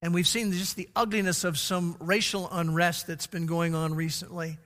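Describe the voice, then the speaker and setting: A middle-aged man preaching a sermon, his voice swelling on quoted scripture and dropping low on grim facts. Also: little pitch movement, normal speed, a bit bright. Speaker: pastor. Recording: long hall reverb.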